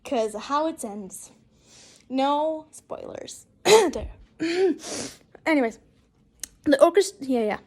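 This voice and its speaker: A high-pitched young woman in her twenties reading fanfiction aloud. She reads the story in a casual way, stumbling and restarting, and breaks off often for giggly, chatty asides with loose swearing. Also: measured pace, long pauses, darkish tone. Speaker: fanfiction reader and YouTuber.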